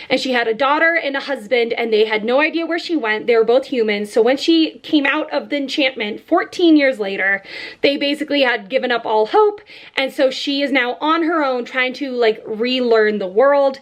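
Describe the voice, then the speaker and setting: A woman with a notably high voice runs through her reading list in an easy, casual way. Her talk is loose and chatty, full of fillers and quick asides, and she speaks close to the mic. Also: a bit bright. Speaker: book vlogger. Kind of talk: casual chat about books.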